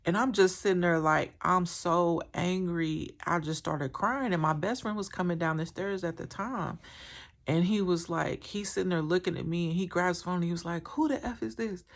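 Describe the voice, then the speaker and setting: Candid woman with a gravelly voice. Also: on the low side, moderate pace. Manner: candid, rambling, many fillers. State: emotional, recounting trauma. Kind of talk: personal storytelling vlog.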